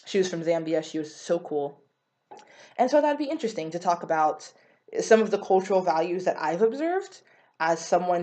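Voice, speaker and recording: A woman's voice: on the low side, mellow. A young woman talking casually to her vlog audience. She is chatty and often stops to say "like" or correct herself. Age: young adult. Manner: chatty, with many filler "like"s and self-corrections. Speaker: vlogger.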